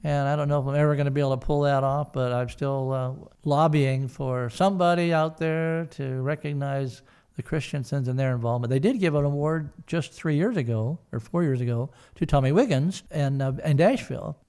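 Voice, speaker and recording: A man's voice: mid-range voice, a little fast, a little mellow, smooth. An older man telling a long personal story in an interview, rambling with many fillers and restarts. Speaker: guest, son of the founders.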